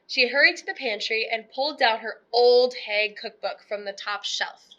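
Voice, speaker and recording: A woman teacher reading a children's picture book aloud in a lively, expressive way. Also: fairly high pitch, normal speed, lo-fi sound.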